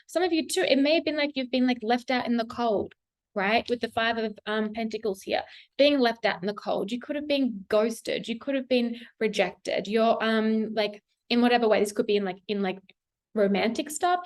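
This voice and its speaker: A young adult woman gives a casual tarot reading in a fairly high voice at a moderate pace. She's chatty and encouraging, laughing often and using many fillers.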